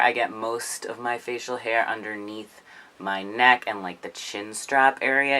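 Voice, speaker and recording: Vlogger, male, low register with a sharp bright edge, rambling filler-heavy casual talk. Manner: rambling, full of "like" and "um". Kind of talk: casual chat.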